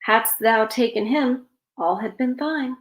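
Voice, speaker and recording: A woman's voice: fairly high pitch, measured pace, reverberant, lightly acted. A woman voicing a blunt wandering beggar musician in a read-aloud fairytale, speaking curtly.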